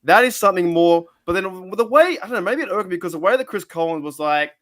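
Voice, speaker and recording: A man's voice: high-pitched, lively intonation, fast, few pauses, fairly bright tone. A man hosting a casual sports podcast, rambling and often repeating his words. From Australia. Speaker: podcast host.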